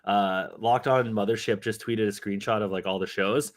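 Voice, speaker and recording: A man co-hosting a casual live podcast, joking around and getting excitable, with casual swearing. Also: on the low side, normal speed. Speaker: podcast co-host.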